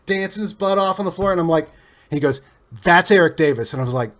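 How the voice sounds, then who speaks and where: A man with a slightly raised pitch chats as an interview guest. He tells stories animatedly, starting over mid-sentence and laughing along the way. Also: quick pace. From Cincinnati, USA. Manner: animated, rambling with restarts and laughs. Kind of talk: casual storytelling interview.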